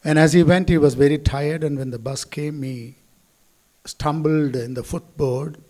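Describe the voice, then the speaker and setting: A man's voice: on the high side, fairly even intonation, a little slow, warm tone. A man, a school chairman giving a speech at a school event in a hall, telling stories and acting out the quotes.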